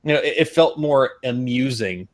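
A man co-hosting a podcast speaks at normal speed in a mid-range voice with lively intonation. Loose and casual, he rambles, fills gaps with filler words, restarts often, and swears freely.

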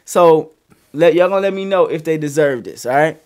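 A man casually telling a story on a podcast, profane and animated, with loud bursts as he acts it out. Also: a little high, normal speed.

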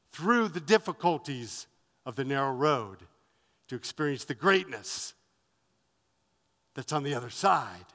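A man's voice: high voice, fairly bright tone, long reverb tail. A man preaching a sermon as pastor, driving his points home with emphatic repetition.

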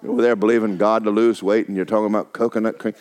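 A man's voice: on the low side, little pitch movement, racing, darkish tone. A middle-aged male pastor, preaching a sermon in a folksy, emphatic way and repeating phrases for effect.

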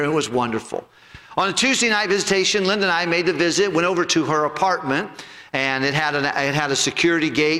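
A male pastor preaching a sermon and telling a personal story in earnest, sinking low and soft when he quotes people. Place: church sanctuary. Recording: long hall reverb.

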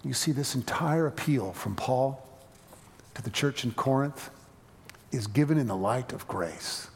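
Storytelling pastor in a reverberant hall. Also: male voice, medium pitch, a little hiss or hum. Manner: storytelling, animated with halting restarts. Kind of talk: sermon.

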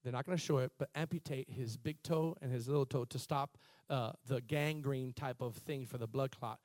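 A man preaching a sermon as pastor, building from quiet, halting passages to loud, impassioned peaks. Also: medium pitch, steady tone, no room sound, studio quality.

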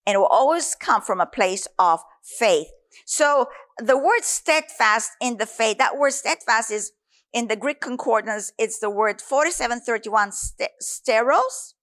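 Woman preacher, high voice, earnest and emphatic sermon delivery. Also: lively intonation, a little slow, a bit bright.

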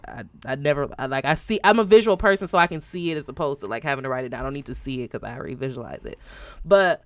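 A woman's voice: extremely low pitch, lively intonation, rapid-fire, no echo. A woman in her twenties co-hosting a podcast, talking candidly and casually, swearing and laughing often. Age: 20s. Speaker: podcast co-host.

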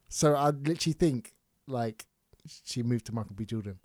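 A man's voice: moderate pace, dry recording, studio quality. A young man, co-hosting a podcast in casual chat, teasing and telling stories with a playful edge. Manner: playful storyteller, teasing, jumps in pitch when excited. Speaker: podcast co-host.

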